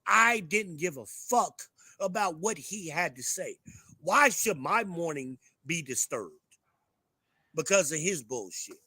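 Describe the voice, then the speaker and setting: A middle-aged man talks straight at his audience in a blunt, profane rant, pitched a bit higher than most men. The sound is close and dry, with no room around it. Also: lively intonation, slow, sharp tone, breathy edge, no room sound. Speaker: show host. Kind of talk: ranting commentary to a live chat.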